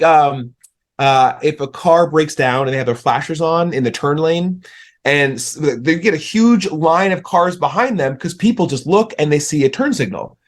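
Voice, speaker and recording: A man guesting on a podcast, telling animated stories in a relaxed conversation, often restarting his sentences. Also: on the high side. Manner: animated storyteller, frequent restarts. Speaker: podcast guest, author and speaker. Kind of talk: casual interview conversation.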